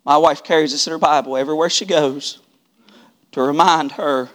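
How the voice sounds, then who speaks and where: A preacher delivering a sermon at a church service, moving from quiet storytelling to shouted preaching with repeated refrains. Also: male voice, on the high side, steady tone, moderate pace. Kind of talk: revival sermon.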